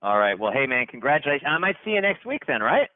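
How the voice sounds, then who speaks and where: A man's voice: medium pitch, big pitch swings, fast, dry recording. Hyped man on a tinny phone line. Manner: hyped, repetitive, stumbling restarts. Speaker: company leader hosting a conference call. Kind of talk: upbeat conference call shout-outs.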